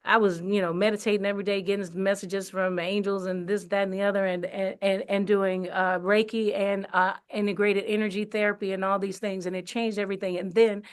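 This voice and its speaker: A woman's voice: medium pitch, level tone, fairly quick, hardly any pauses, clear, resonant tone. A woman, an actress, telling her story in a casual interview, chatty with many fillers and restarts. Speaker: actress and singer, interview guest. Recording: radio studio interview.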